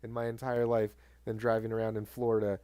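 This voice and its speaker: A man's voice: lowish voice, quick pace, slight background noise. A man co-hosting a podcast, casually telling stories and swearing a lot. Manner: swears often, animated retelling of cop stories. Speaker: podcast co-host. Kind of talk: casual chat, storytelling.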